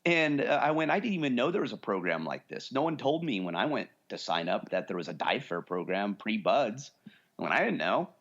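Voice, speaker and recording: A man's voice: fairly low pitch, sing-song, brisk, a bit bright. Guy in his 40s rambling thru a story on a podcast, slightly dull audio. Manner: rambling storyteller, acts out quoted voices. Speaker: podcast co-host. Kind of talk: casual chat.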